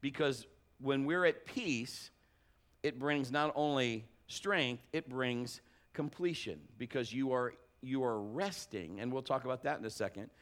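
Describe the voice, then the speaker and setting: A man's voice: medium pitch, unhurried, fairly bright tone. A middle-aged man preaching a conversational sermon, telling folksy stories with restarts and trailing thoughts. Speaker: pastor.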